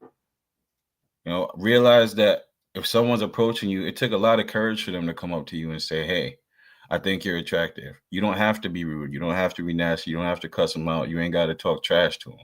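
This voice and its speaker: A man's voice: low-pitched, fairly even intonation, fairly quick. A man co-hosting a podcast, giving earnest, repetitive dating advice in casual chat. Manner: earnest, preachy advice with repeated "you know what I'm saying". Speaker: podcast co-host.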